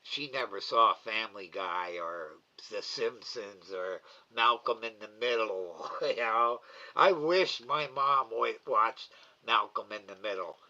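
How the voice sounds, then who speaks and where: A middle-aged man chatting casually on a live stream, reading and answering viewers, talking slowly and haltingly with repeated words and sometimes getting emotional. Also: on the low side, bright, forceful tone. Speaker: live cam host reading chat. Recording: dull lo-fi stream audio.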